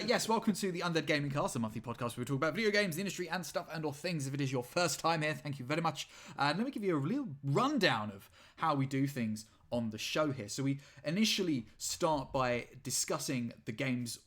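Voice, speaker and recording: A man's voice: a little high, expressive, fairly quick, hardly any pauses, a bit bright. A man hosting a casual monthly podcast, opening with a jokey, self-mocking introduction. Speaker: podcast host.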